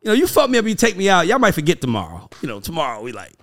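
A man in his thirties co-hosting a casual talk show, telling loud, animated stories. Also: a little high, very fast. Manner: loud, animated storytelling with profanity. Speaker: podcast co-host. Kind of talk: casual chat.

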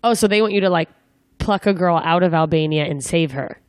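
A woman's voice: fairly low pitch, a little fast, no room sound, studio quality. A young woman interviewing a guest in a casual, joking way, full of rambling asides.

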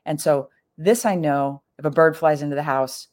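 Chatty middle-aged woman, low voice. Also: steady tone, moderate pace, darkish tone. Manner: chatty, full of "like" fillers, acts out quoted lines with big pitch jumps. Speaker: storyteller. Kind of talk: casual personal storytelling.

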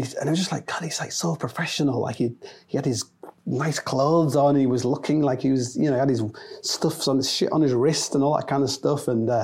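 A man's voice: mid-range voice, vocal fry, warm tone. A man telling a rambling, sweary, self-mocking anecdote in a casual chat. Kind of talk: casual storytelling.

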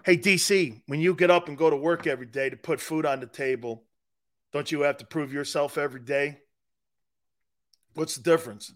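Brash, high-voiced sports talk host. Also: male voice, moderate pace. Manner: brash, profane, rambling, talks to chat. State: short on sleep, edgy.

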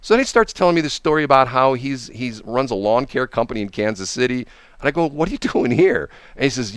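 A man spins a rambling everyday story, slipping into the voices of the people in it. His pitch swings widely as he talks. The sound is close and dry. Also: fast talker, no echo. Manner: animated, acts out quoted people. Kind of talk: casual storytelling.

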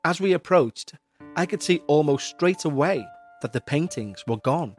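A man's voice: on the high side, lively intonation, moderate pace, soft background music. Man narrating a creepy story. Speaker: podcast host reading a listener's story.

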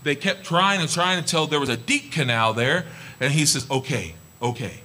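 A male preacher retells a scripture story in an animated, emphatic way. His voice is fairly high and bright, and it rises and falls a great deal. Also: moderate pace. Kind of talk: sermon storytelling.

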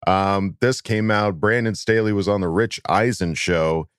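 Low-voiced chatty man co-hosting. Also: unhurried, smooth, no echo, studio quality. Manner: chatty and excitable, laughs often. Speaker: podcast co-host. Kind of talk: casual chat.

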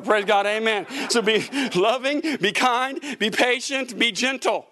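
A man's voice: high voice, a little slow, hardly any pauses, fairly bright tone. A middle-aged man pastor preaching a sermon, telling stories with animation and often repeating "Praise God, amen.".

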